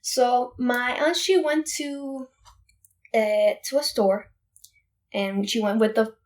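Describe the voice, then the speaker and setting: A young woman from Puerto Rico, a podcast guest, retelling a family story in an animated, emphatic way with many restarts. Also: a little high, slow. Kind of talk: casual storytelling.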